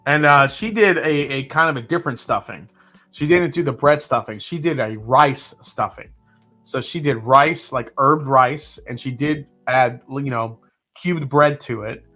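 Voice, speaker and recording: Man, bright voice, relaxed chatty host, whiskey tasting livestream, faint background music. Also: mid-range voice, unhurried. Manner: relaxed, chatty, with fillers and sips. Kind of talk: casual live tasting chat, reading chat comments.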